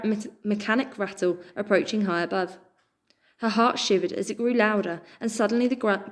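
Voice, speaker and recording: A woman reads a children's book aloud in a measured, expressive voice. Her pitch sits mid-range, and she lets each line of the story land before moving on.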